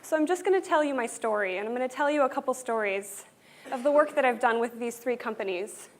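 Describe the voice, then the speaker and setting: A woman's voice: a little high, expressive, fast. A woman giving a conference keynote to a live audience, talking in an upbeat, earnest and conversational way. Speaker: conference speaker.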